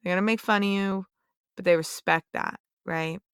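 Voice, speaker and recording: A young woman who is a police officer hosts a podcast, delivering a blunt, opinionated monologue that lectures listeners emphatically and swears plenty. Her medium-pitched voice is clear and resonant, with fairly even intonation and a moderate pace, recorded at studio quality with no echo.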